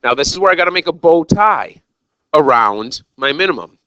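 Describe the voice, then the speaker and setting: A man's voice: fairly high pitch, expressive, moderate pace, pushed and bright, dry recording, rough recording. A man teaching a recorded algebra lesson, talking straight to his students in an exuberant, jokey, self-mocking way. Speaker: math teacher.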